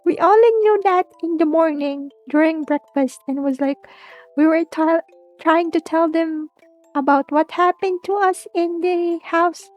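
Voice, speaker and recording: A woman tells a spooky tale in a loose, rambling way, circling back and restarting often. Her voice is high and light, and she talks at a slow, drawn-out pace. Faint music plays quietly behind her. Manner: rambling, with many restarts and giggles. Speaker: streamer. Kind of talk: casual spooky storytelling.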